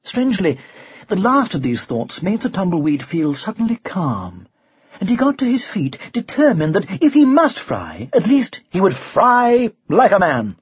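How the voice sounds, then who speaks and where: A narrator reading a storybook aloud in an expressive way with varied pacing. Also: medium pitch, unhurried, breathy edge, no echo. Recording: dull lo-fi recording.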